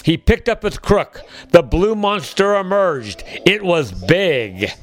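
A man reading a children's storybook aloud, unhurried, with small slips and restarts. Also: sits high, animated. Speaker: storybook reader.

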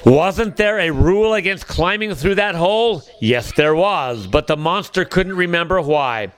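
A man reading a children's storybook aloud, unhurried, with small slips and restarts. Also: sits high, lively intonation, fairly bright tone, smooth. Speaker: storybook reader.

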